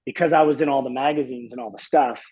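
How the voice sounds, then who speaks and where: A man's voice: medium pitch, steady tone, quick pace, a little mellow, breathy edge, no echo, rough recording. A man in his fifties, a podcast guest reminiscing in casual chat, hesitant and rambling with many fillers.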